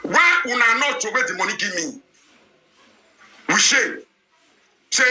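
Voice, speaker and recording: A high, very bright male voice in Nigerian Pidgin, swinging up and down in pitch as he rants and throws out question after question. The sound carries an echo from the room he talks in. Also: big pitch swings, a little slow, long pauses. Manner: ranting, firing rhetorical questions. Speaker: online show presenter. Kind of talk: heated live talk.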